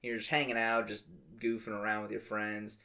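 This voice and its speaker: Gravelly, laid-back man on a podcast. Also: on the low side, level tone, brisk, pushed and bright. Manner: laid-back, hesitant, lots of fillers. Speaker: podcast co-host. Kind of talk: casual movie-review chat.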